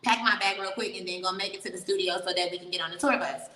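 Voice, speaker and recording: A woman telling a story as an interview guest, animated and profane, laughing often. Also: lowish voice, fast talker, echoey room, in a large hall, rough recording. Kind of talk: casual storytelling.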